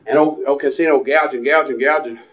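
A man preaching a fervent sermon, climbing into shouts and punctuating his lines with "uh" and "amen". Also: mid-range voice, steady tone, brisk, echoey room, far from the mic, dull audio. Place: church.

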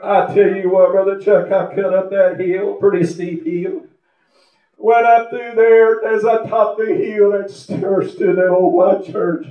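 A man's voice: sits high, level tone, unhurried, reverberant, distant mic, narrow, tinny audio. An older man, preaching an emotional testimony, fervent, at times tearful and laughing. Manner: fervent, sobbing and laughing through words.

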